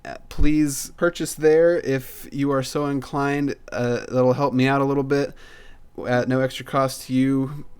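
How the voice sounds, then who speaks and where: A man giving a casual product review in a measured, plain-spoken way. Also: mid-range voice, flat delivery, darkish tone, clean tone. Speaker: tech reviewer.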